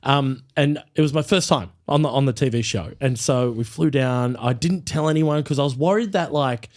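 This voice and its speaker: A man hosting a casual podcast, telling an animated anecdote. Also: medium pitch, moderate pace. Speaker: podcast host. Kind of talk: casual storytelling.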